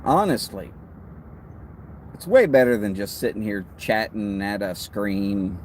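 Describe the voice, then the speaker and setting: A man with a Texas accent hosting a casual livestream, talking in a relaxed, rambling way with friendly asides. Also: on the low side, measured pace, a little hiss or hum. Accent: Texan. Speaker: host of a pipe-smoking livestream.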